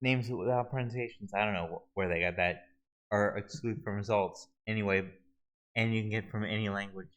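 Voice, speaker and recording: A man walking viewers through a website search tool in a halting, casual screen-recorded tutorial, often restarting his sentences. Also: fairly low pitch, fairly even intonation, a bit bright, poor audio. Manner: halting, many restarts and fillers. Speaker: video tutorial host.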